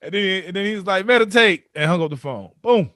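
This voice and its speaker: A man, a podcast guest, telling a candid personal story in an animated way and acting out his own thoughts. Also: high-pitched, fast, no room sound, studio quality.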